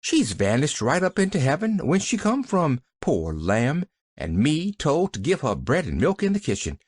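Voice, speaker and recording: A flustered, kind-hearted servant woman, as the reader puts her on, talks in homely rural dialect, her voice pitched up and swinging widely between worry and fondness. Dry, close storybook audio. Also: wildly swooping pitch, moderate pace, breathy edge, no echo. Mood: fretful. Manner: folksy rural dialect, exclaiming.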